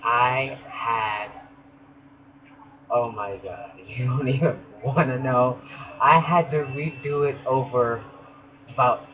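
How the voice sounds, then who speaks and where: A man's voice: mid-range voice, slow, pauses often, crowd noise. A young man, a beauty school student, telling a rambling story in a casual vlog, laughing often and restarting sentences. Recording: muffled lo-fi audio with background noise.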